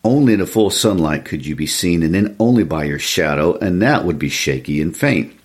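A man's voice: sits low, expressive, a little fast, breathy edge. A man in an easygoing literary chat who chuckles as he talks and reads passages aloud. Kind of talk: casual literary discussion and reading aloud.

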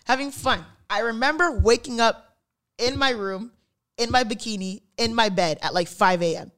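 Animated young woman telling a wild story. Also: on the high side, moderate pace. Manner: animated, laughing storyteller acting out quoted voices. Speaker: podcast co-host. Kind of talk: casual storytelling chat.

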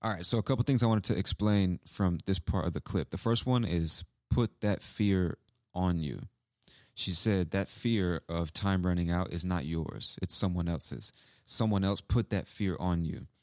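A man's voice: low-pitched, normal speed, darkish tone, no room sound, clean studio sound. A man who hosts an English-learning podcast, explaining phrases casually and repeating examples. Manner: casual, repeats examples, acts out sample lines. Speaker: English teacher, podcast host.

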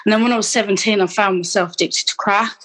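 A woman's voice: medium pitch, fairly even intonation, quick pace, fairly bright tone, poor audio. A woman, telling her personal story in an interview in a candid, rambling way with many restarts and asides. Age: 30s. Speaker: guest.

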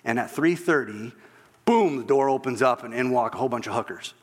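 A man preaching a sermon, telling a story and acting out its voices, dropping to a hush at the end. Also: medium pitch, lively intonation, brisk, in a large hall.

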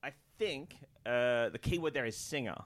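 A man's voice: mid-range voice, lively intonation, moderate pace. A man co-hosting a live comedy quiz podcast in a hesitant, self-deprecating way. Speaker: comedian co-host.

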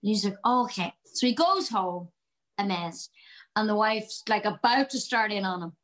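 A woman's voice: medium pitch, lively intonation, normal speed, fairly bright tone, low-quality recording. An Irish woman, an actress being interviewed, talking about comedy in an exuberant, chatty way and telling a long joke. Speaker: guest actress. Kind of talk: casual interview chat.

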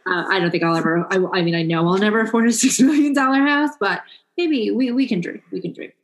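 A woman's voice: mid-range voice, fast talker, poor audio. A young woman co-hosting a casual podcast, swearing and laughing as she tells stories. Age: young adult. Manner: laughing, profane, animated storytelling. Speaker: podcast co-host. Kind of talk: casual chat.

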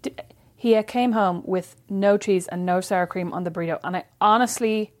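A woman's voice: mid-range voice, normal speed. A woman with a mid-range voice chats casually with her sister. She tells her stories dramatically and swears without a second thought. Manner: dramatic, chatty, swears freely. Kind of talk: casual chat between sisters.

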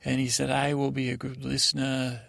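A dreamy, easily confused young prince, played by a man drifts through a rambling sleep-story monologue. His voice is deeply gravelly and sits in a middle pitch. He halts and restarts constantly, and the sound is close and dry. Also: monotone, fairly bright tone, no echo. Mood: wistful. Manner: halting and rambling, full of restarts and retold dialogue. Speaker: podcast host.

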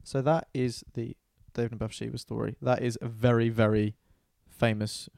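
A man's voice: medium pitch, little pitch movement, moderate pace, gravelly, darkish tone, no echo, clean studio sound. A man casually retelling a Bible story in an irreverent, sweary way, acting out the characters' lines.

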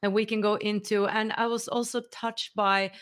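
Woman podcast host, gently probing. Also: mid-range voice, level tone, moderate pace, clean tone. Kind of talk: interview.

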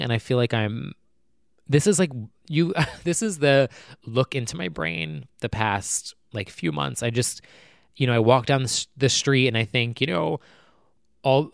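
A young man and YouTube creator venting to the camera about his feelings, rambling and halting, close to tears. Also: medium pitch, vocal fry, clear, resonant tone, no room sound. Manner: rambling, halting, full of "like" and restarts. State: close to tears, voice dropping low. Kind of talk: emotional personal vent to camera.

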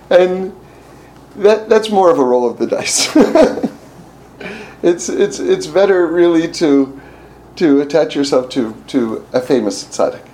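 A man telling a story as a religious lesson, his voice a bit higher than usual and mellow in tone. He talks haltingly, restarting phrases and leaning on fillers. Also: animated, low-quality recording.

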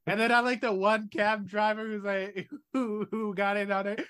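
A man's voice: high-pitched, little pitch movement, normal speed, fairly bright tone, clean tone. A young man co-hosting a podcast in casual chat, laid-back, laughing often and swearing freely. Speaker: podcast co-host.

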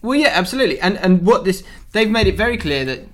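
A man leads a casual football podcast. He sits a touch higher in pitch than most men. He tells anecdotes animatedly and acts out what people said. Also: fast. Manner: animated storyteller, acts out quotes. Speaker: podcast host.

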